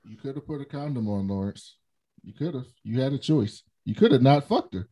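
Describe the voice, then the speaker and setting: A man co-hosting a casual podcast chat, who argues the other side in a measured way. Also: medium pitch, animated, dark tone, no room sound. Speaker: podcast co-host.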